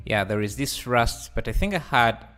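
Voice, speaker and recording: A man hosting a live software tutorial, hesitant and full of fillers, laughing easily as he reads the chat. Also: medium pitch, expressive, normal speed, soft background music. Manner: hesitant, many fillers and restarts. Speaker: livestreaming 3D tutor. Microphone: headset.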